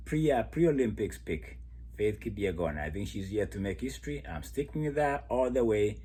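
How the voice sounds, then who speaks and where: A man giving a casual, animated monologue analyzing track races, often laughing as he talks. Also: on the low side, slightly rough. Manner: laughs often while talking, animated storytelling. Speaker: athletics commentator.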